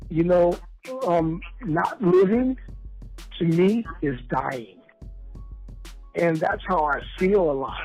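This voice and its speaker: A man's voice: high voice, slow pace, pauses often, breathy edge, soft background music, poor audio. A man telling rambling, profane stories in casual chat as a podcast guest. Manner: rambling, profane, animated storytelling.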